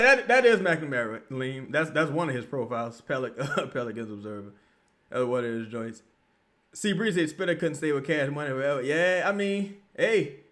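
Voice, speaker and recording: A New man chatting casually on a livestream, his pitch swinging widely from low mutters up to loud, high outbursts. His voice sits a little high for a man, and his talk is loose and profane as he reacts to viewer comments. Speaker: livestream host.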